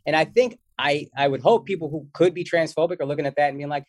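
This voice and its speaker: A man who is a comedian, talking as a guest in a casual interview in an animated, joking and slangy way. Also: a little high, fast, few pauses, no echo, studio quality.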